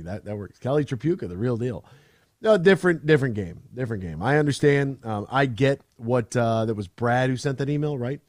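A man hosts a sports talk show, rambling and animated, slipping into mocking voices to poke fun at players. His voice sits in a middle pitch and the studio sound is close and dry. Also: no room sound. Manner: animated, rambling, mocks players with put-on quotes. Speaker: sports radio host.

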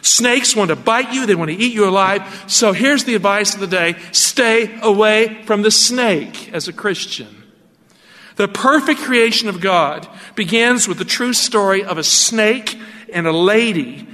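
A man preaching a radio sermon in an animated, emphatic way, asking his listeners rhetorical questions. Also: high-pitched, long reverb tail.

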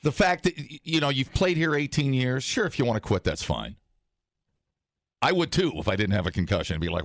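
A man's voice: mid-range voice, lively intonation, a bit bright, dry recording, clean studio sound. A man co-hosting a morning radio show, rambling and joking in casual banter. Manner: rambling, halting, jokey. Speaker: radio co-host.

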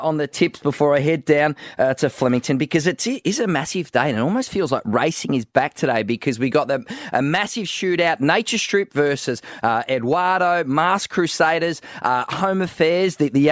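A man, co-hosting a radio sports show in casual, animated chat. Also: a little high, no echo, clean studio sound. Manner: animated, argumentative. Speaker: radio co-host.

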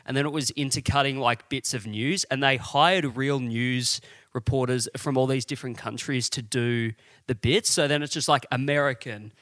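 A man with a mid-pitched, bright, tense voice, rambling through an anecdote on a casual comedy podcast. He is recorded dry and close, with no room sound. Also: steady tone, normal speed, no room sound. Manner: rambling storyteller who slips into mock voices. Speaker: podcast co-host.

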